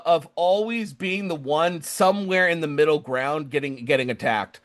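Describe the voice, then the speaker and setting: A young man co-hosting a podcast, ranting casually and acting out other people's lines. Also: fairly high pitch. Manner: animated, acts out other people's lines in quoted voices. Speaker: podcast co-host.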